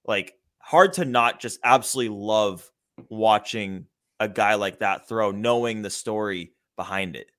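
A man's voice: fairly low pitch, measured pace, fairly bright tone. A man casually chatting about baseball as a podcast host, enthusiastic and loose, with the odd swear. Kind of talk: casual sports chat.

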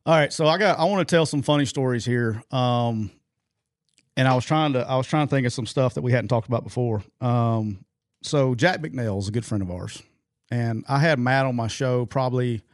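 A man's voice: mid-range voice, moderate pace, dry recording. A middle-aged man co-hosting a sports podcast spins a long anecdote, circling back with plenty of ums and restarts. His voice sits in an ordinary middle register, recorded close and dry with no room around it. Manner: rambling anecdotal storyteller, many fillers and restarts. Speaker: podcast co-host. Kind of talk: casual sports podcast storytelling.

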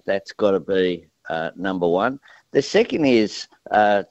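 An Australian man giving a radio interview in a measured way, with many pauses and fillers. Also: low voice, no room sound, lo-fi sound. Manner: measured, frequent uh fillers and restarts. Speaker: political guest.

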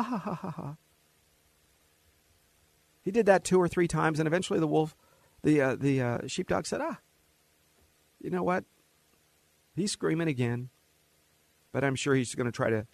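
A man hosts a talk radio show with a gravelly, somewhat husky voice that sits a little high for a man. He talks in an animated, mocking way. The sound is dry and close, with no room around it. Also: no echo. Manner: animated, mocking, acts out quoted voices with laughs. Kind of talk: opinionated talk radio monologue.

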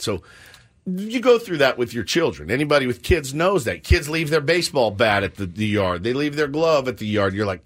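A man's voice: mid-range voice, fairly quick. A middle-aged man hosting a show, telling a story in a self-mocking way and slipping into the voices of the people in it. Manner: animated, self-mocking, jumps into quoted voices. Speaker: radio show host. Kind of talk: casual storytelling banter.

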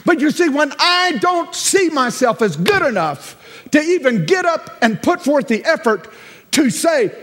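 High-voiced preaching man in reverberant hall. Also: sing-song, unhurried. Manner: emphatic, repetitive preaching with sudden loud cries. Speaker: pastor. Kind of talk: sermon.

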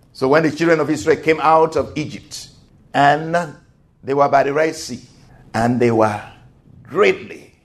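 Guy preaching, pretty high voice, gets loud and fired up, keeps saying amen. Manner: emphatic, swells to loud exclamations, calls for amen. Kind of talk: sermon.

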